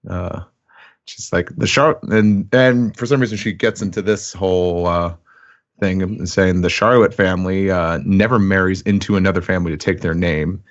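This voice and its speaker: A man co-hosting a podcast, chatty in his recap, laughing often and slipping into quick voices for quotes. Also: low-pitched, steady tone. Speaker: podcast host. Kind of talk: casual chapter recap. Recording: muffled lo-fi recording.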